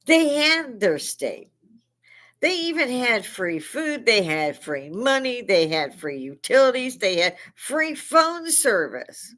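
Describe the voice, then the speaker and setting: A woman's voice: fairly high pitch, sing-song, slow. Profane, heated older woman ranting. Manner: profane, heated, rising to shouts. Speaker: livestream host. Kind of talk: angry political rant; veteran speaking.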